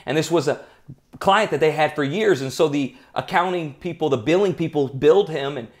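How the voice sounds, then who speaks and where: A man's voice: a little high, brisk. A man hosting a podcast who gives an earnest, emphatic motivational talk and tells anecdotes. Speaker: podcast host.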